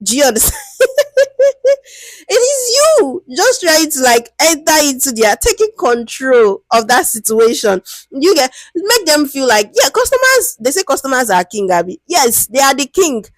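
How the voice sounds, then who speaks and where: A woman with a Nigerian accent teaches in a lively, chatty way, often asking whether listeners follow. Her voice sits fairly high, and the sound is dry and close. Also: moderate pace, dry recording. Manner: lively, conversational, keeps asking "do you understand?"; acts out interview lines in a higher, sweeter voice. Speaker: product management teacher. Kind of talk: casual explanatory talk.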